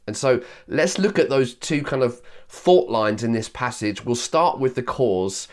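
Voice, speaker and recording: A man from Yorkshire, England, giving a sermon at an ordinary pitch for a man. He leans on key phrases by slowing right down and says his main lines more than once. His asides come out quicker. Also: lively intonation. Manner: repeats key lines for emphasis. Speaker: pastor.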